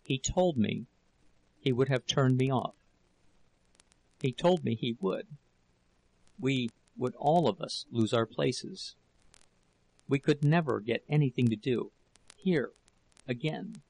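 Desperate, ashamed young wife pleading in a halting voice, as a male reader puts her on, slow and gravelly. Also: medium pitch, darkish tone, no room sound, exaggerated voice, rough recording. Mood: broken confession. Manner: pleading, breaking into whispers.

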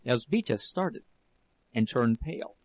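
A man narrating an audiobook with a steady, measured reading. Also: medium pitch, poor audio.

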